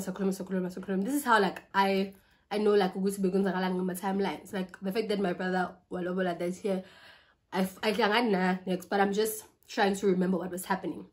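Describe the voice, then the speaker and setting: A woman's voice: mid-range voice, fairly even intonation, quick pace. A young woman in her twenties with a South African accent, chatting casually while eating as she tells a story, mixing languages mid-sentence, with a flu and a cough. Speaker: vlogger. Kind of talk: storytime chat over a meal.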